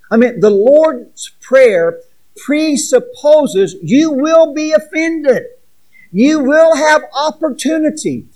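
Male pastor, high voice, earnest sermon delivery with scripture reading. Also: darkish tone, rough recording. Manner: earnest preaching, reads scripture aloud with asides.

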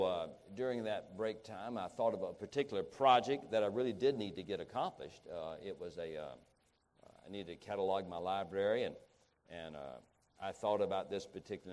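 Low-voiced man preaching with halting restarts. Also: a little mellow. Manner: rambling, halting with many restarts, rising to emphatic peaks. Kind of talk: sermon.

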